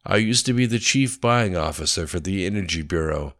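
A man's voice: sits low, expressive, brisk, a bit bright. A man doing a cold, clipped ex-bureaucrat. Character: cold calculating Russian ex-official man.

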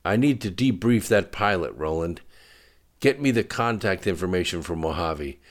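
A man's voice: deep voice, lively intonation, moderate pace. A man playing a clipped formal admiral. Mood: commanding. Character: stiff, formal male naval admiral.

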